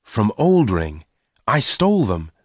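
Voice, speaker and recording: Venters, a man reading a steady young cowboy. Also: fairly low pitch, slow, dry recording, voice pushed up, heavily acted. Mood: cheerful. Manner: calm, plain-spoken, close to the reader's own voice. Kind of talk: read-aloud storybook voice.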